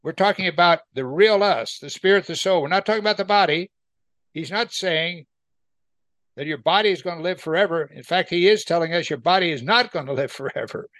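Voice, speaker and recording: A man's voice: fairly high pitch, a little fast, fairly bright tone, no echo. A man leading a Bible study, reading scripture aloud and explaining it in plain conversational talk, often asking his listeners questions. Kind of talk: verse-by-verse Bible teaching.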